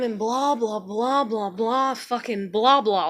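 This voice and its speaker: Woman venting to her camera at home, kinda high bright voice, swears a lot, rambles. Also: a little slow, few pauses. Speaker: vlogger. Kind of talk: emotional venting monologue.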